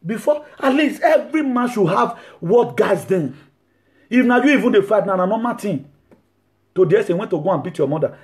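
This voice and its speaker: A man preaching a sermon, mixing laughing asides with shouted rebukes. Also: sits high, lively intonation, fairly quick.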